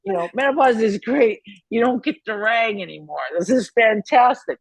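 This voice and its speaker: A woman's voice: on the high side, moderate pace, husky, no room sound, rough recording. A woman in her fifties, a guest musician in a casual interview, telling candid, profane stories with plenty of feeling. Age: 50s. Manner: profane, candid, emotional storytelling.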